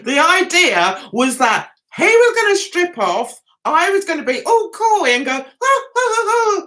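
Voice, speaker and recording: Middle-aged woman, livestream host, high and lively, bright tone, giggly and chatty. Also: a little slow. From England. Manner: giggly, chatty storyteller, laughs often. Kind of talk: casual livestream chat.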